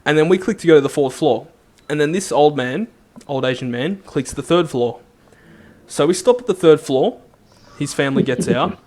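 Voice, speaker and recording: A young man, a co-host, telling an animated story in casual chat. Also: on the high side. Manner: animated storyteller, does quick voices in quotes. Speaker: podcast co-host.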